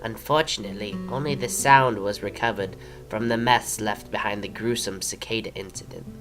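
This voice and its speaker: A documentary narrator reads in a deadpan, solemn, matter-of-fact way, with a mid-range voice. Plucked guitar music plays clearly underneath. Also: mid-range voice, normal speed.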